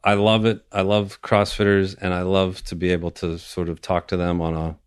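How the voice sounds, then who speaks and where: A man with a very deep voice, an orthopedic surgeon appearing as a podcast guest. He talks in an easygoing, casual way and uses many fillers. His voice is recorded dry, with no room sound. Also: little pitch movement, normal speed, clean tone, dry recording. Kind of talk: casual interview chat.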